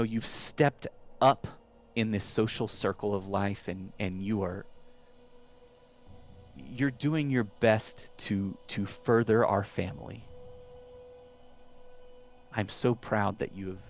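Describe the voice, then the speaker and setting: A man's voice: on the low side, slow pace, vocal fry, long pauses. A man doing a proud, old-fashioned father. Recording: dull lo-fi recording with faint hiss.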